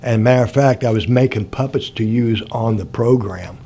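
A man's voice: medium pitch, normal speed, dark tone, slight background noise. An older man from Indiana, telling stories from his life in a rambling, casual way and chuckling often. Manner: rambling, chuckles often, acts out quoted people. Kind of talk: casual storytelling.

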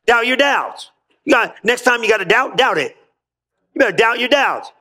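A man delivers an energetic sermon, his voice pitched high and ringing with a forceful brightness. He preaches in a folksy, colloquial way and keeps urging the room to answer back. It sounds like a pastor at the pulpit of a church. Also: moderate pace. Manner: energetic, rousing call-and-response preaching.

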